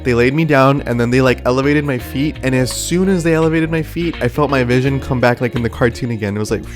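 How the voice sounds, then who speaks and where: A young man vlogging a dramatic personal story with animated, exaggerated delivery. He talks straight to his viewers as "guys", with faint music playing softly behind him. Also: medium pitch, fast talker. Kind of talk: storytelling vlog.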